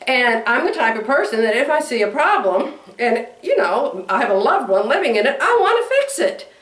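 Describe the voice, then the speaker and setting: A woman in her sixties talks casually to her viewers, wandering from one thought to the next with frequent laughs. Her voice sits a little high. The room around her is noticeably echoey. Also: very animated, normal speed, fairly bright tone. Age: 60s. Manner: chatty, rambling, laughs often. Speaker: vlogger. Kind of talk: casual chat to camera.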